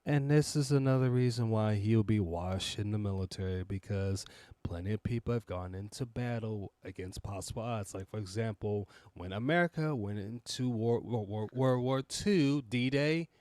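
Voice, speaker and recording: Guy scolding a streamer on his commentary show, low voice, dry mic. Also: normal speed, a little mellow, dry recording. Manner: mocking, scolding. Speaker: commentary host. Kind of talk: reaction commentary.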